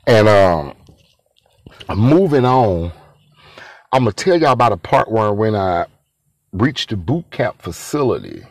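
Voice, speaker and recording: A man's voice: fairly low pitch, very animated, takes it slowly, pauses often, dry recording. A man telling a personal story in a loose, rambling way, full of street slang. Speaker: former inmate telling his story.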